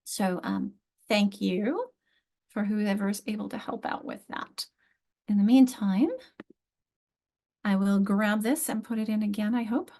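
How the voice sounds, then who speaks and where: A woman's voice: mid-range voice, measured pace, long pauses, dark tone. A woman with a New York accent leading an online literacy class in a friendly, chatty way, often restarting her sentences. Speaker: literacy instructor. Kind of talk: online teaching session. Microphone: video call.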